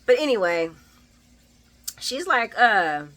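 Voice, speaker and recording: A woman giving a casual, profane daily soap opera recap with animated asides. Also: on the high side, slow pace, rough recording.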